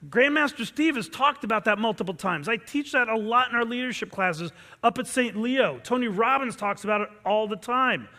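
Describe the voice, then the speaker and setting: A man's voice: very high voice, expressive, normal speed, hardly any pauses, sharp tone. A man, a martial arts instructor, giving an intense motivational pep talk to his students and leading them in call-and-response chants. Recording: long reverb from a large hall.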